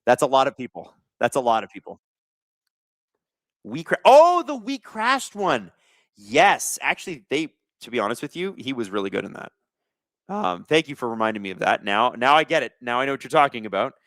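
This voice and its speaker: Animated young-sounding male stream host. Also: medium pitch, fast, no echo. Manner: chatty, thanks viewers, calls plays. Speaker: live watch-along host. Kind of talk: casual live-stream hockey commentary.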